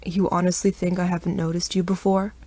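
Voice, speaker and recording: A woman's voice: lowish voice, flat delivery, a little fast, mellow, natural voice. A woman reading the lines of a teasing young man in a romance audiobook, barely changing her voice.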